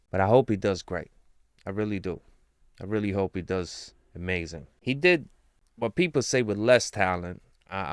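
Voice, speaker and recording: A man giving casual, excited fan commentary with slang, rambling about his team. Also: lowish voice, smooth, no room sound, studio quality. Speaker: sports commentator.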